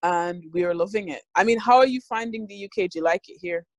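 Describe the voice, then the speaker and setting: A young woman with an Irish accent, co-hosting a podcast in casual chat, talking fast with stammered restarts. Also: mid-range voice, a little mellow, no room sound. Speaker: podcast co-host.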